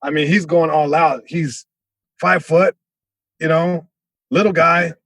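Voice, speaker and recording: A man from Southern California, a comedian guest telling a story on a podcast, animated, with many restarts. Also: on the high side, slow, dry recording, poor audio.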